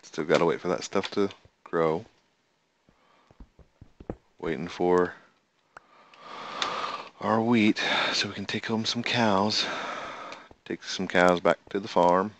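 Low, gravelly man, unhurried let's-play host who mutters to himself while playing. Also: a bit bright, slight background noise. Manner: chatty, talks to himself and counts aloud; talks to the in-game animals. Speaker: gameplay video host. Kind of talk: casual gameplay commentary.

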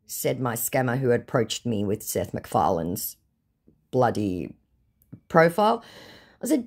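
A woman's voice: low-pitched, expressive, normal speed, a little mellow. An Australian woman retelling a chat with a scammer in a sarcastic, indignant way. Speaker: scambaiting video creator.

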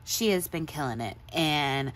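A woman's voice: low-pitched, lively intonation, measured pace. A woman hosting a craft video, gushing in a casual show-and-tell chat and laughing often. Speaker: craft channel host.

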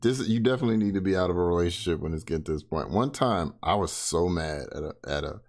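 A man's voice: low-pitched, lively intonation, quick pace. A man giving blunt, sarcastic casual commentary, swearing freely and keeping his voice down. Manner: talks softly. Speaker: reaction commentator.

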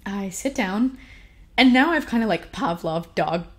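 A woman's voice: medium pitch, expressive, measured pace, a bit bright. A young woman telling a personal story at a conference, chatty and self-deprecating, often laughing. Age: young adult. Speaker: conference speaker.

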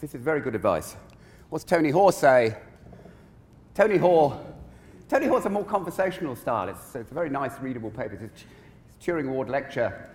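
A man giving a conference keynote in an animated, conversational way, with frequent digressions. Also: mid-range voice, a little fast. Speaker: keynote speaker. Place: large conference hall. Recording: long reverb of a conference hall.

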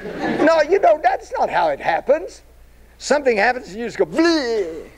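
An older man giving an animated storytelling talk to an audience. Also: extremely high pitch, moderate pace, a crowd in the background, noisy background. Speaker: speaker.

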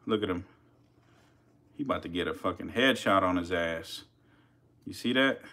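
Excited man hyping up a feeding. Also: sits low, moderate pace. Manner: excited, swearing, chatty with viewers. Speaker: reptile keeper streaming feedings. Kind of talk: casual live-stream commentary.

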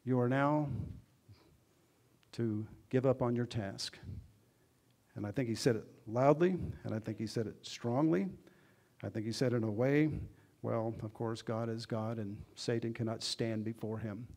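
A pastor preaching a sermon in a church, earnest, putting questions to the congregation and swinging between loud emphasis and quiet asides. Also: male voice, mid-range voice, fairly even intonation, unhurried.

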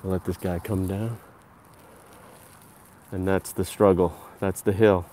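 A man's voice: low-pitched, steady tone, a little slow, warm tone. A man narrating a casual live-stream walking tour outdoors, out of breath from climbing stairs and chatting to his viewers as he goes. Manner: chatty, addresses viewers as guys. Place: outdoors on a hillside park at dusk.

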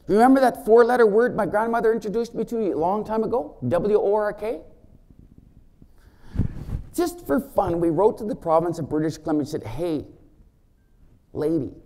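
A man giving a conference keynote as a First Nations chief, animated and joking, often asking the audience questions. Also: sits high.

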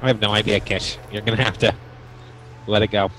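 A man's voice: lowish voice, fairly even intonation, a little fast, fairly bright tone, a little hiss or hum. A man co-playing a video game, chatting casually, teasing and joking with his partner. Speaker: co-op gaming partner. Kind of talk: casual gameplay chat.

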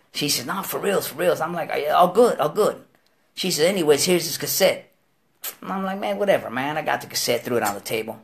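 A man's voice: on the high side, creaky, fairly bright tone. A man as a talk show guest telling a story in profane street slang, acting out the quoted voices. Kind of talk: storytelling interview.

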